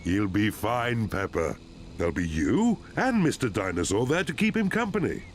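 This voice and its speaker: A man voicing a cheerful, easygoing father pig in a cartoon, with a relaxed, reassuring manner. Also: fairly low pitch, moderate pace, slight background noise. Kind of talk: cartoon voice acting.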